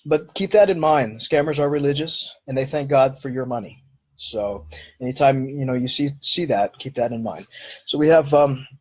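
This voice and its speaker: A man's voice: medium pitch, darkish tone, breathy edge, muffled recording. A man hosting a live-streamed Q&A, answering viewer questions in an earnest, explanatory way.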